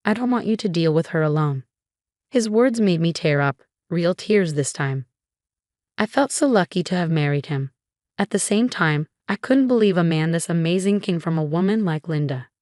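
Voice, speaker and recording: Woman narrator for a first-person story; wry, low-pitched, dry close sound. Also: expressive, moderate pace, darkish tone, no echo. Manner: wry, amused.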